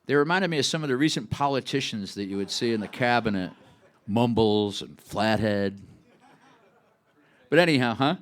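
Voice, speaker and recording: A man in his sixties spins a loose, chatty anecdote on a club stage, wandering through asides and fillers as he goes. His voice sits at an ordinary middle pitch. He is speaking into a stage mic between songs. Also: lively intonation, moderate pace, pauses often. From Buffalo, New York. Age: 60s. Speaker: singer-songwriter. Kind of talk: onstage storytelling between songs. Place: live music club stage.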